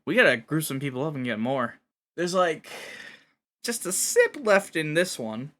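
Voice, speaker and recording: A man narrating as game master of a tabletop role-playing game, quickly switching between voices. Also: a little high, big pitch swings, fairly bright tone.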